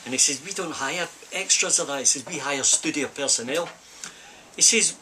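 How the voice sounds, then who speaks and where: An older man with a Scottish accent spins a long, winding anecdote, repeating "I says" as he goes. His voice sits a little high and sounds sharp and forceful. A faint hum of background noise stays underneath. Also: moderate pace. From Scotland. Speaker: film stuntman. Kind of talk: casual storytelling interview. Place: film set during a break.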